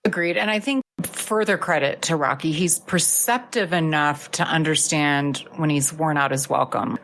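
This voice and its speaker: A woman's voice: low voice, normal speed, fairly bright tone. A woman co-hosting a podcast, agreeable and curious, asking the others questions. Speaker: podcast co-host. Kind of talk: casual film discussion.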